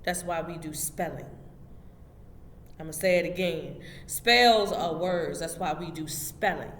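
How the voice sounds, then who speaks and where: A woman's voice: sits low, unhurried. A woman hosting a motivational spiritual talk, preaching emphatically and addressing her listeners directly. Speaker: host. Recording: echoey hall with faint background noise.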